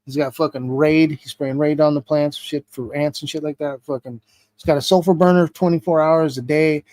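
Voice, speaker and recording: Speaking at a moderate pace in a slightly high voice with no echo, the interviewee recounts a story casually. His animated retelling is thick with swearing.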